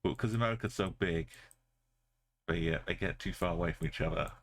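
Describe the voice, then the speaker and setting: A man with a very low voice talks through a live stream in loose, easy chat. He mutters half-finished thoughts to himself, then turns to his viewers to muse and chat. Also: brisk. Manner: thinking aloud, musing and chatting with viewers. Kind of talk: casual live-stream commentary while playing.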